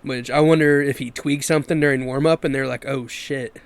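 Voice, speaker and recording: Here a male podcast host on a video call talks fast in a slightly high, clean-toned voice. His sports show is relaxed and casual, and he's the one directing the topics and reading the ads.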